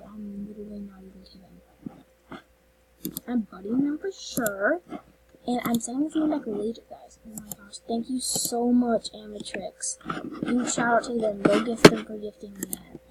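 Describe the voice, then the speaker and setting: A woman with a high, light voice hosts a casual game vlog. She gushes excitably, filling her talk with "like" and "literally," and slips into sudden whispered asides. A faint hum sits under the recording. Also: normal speed. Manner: gushing, excitable, heavy use of "like" and "literally". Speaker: channel host.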